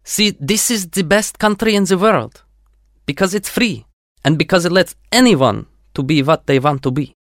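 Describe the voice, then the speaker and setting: A man's voice: sits high, normal speed, dry recording, studio quality, pitched above the performer's own voice. A man voicing an earnest Russian émigré structural engineer with a thick Russian accent and an emotional, fervent delivery.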